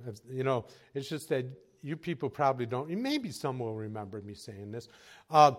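A man preaching a sermon as pastor, telling folksy stories with chuckles and moving from quiet asides to raised exhortation. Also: mid-range voice, big pitch swings, normal speed.

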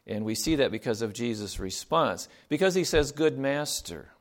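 A man's voice: mid-range voice, lively intonation, normal speed. A man giving a sermon in a conversational way, reading scripture aloud and asking his listeners rhetorical questions. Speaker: preacher.

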